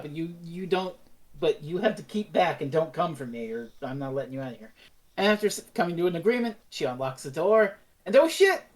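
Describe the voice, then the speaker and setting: Casting: woman with a low voice, laid-back plot recaps on a review podcast. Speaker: podcast co-host. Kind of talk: casual review chat.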